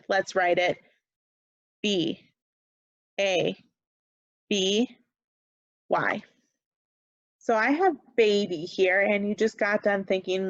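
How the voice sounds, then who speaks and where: Patient teacher woman, slow and dull-sounding. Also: medium pitch, no echo. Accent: Upper Midwest American. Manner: slow, patient, encouraging, leaves pauses for answers. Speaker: second grade teacher. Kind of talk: remote phonics lesson. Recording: dull, dry lo-fi webcam sound.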